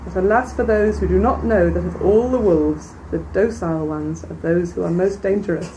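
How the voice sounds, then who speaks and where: A woman reading a classic fairy tale aloud in a measured, clear way, then commenting on it as a lecturer. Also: fairly low pitch. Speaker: reader and lecturer. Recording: distant mic, faint background noise.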